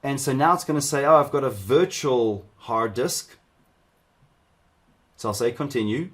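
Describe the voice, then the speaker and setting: A middle-aged man from South Africa runs a live training session. He talks in a loose, chatty way with plenty of asides to his viewers. His voice sits at an ordinary middle pitch. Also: animated, unhurried, a bit bright. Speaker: cybersecurity instructor. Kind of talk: live workshop teaching.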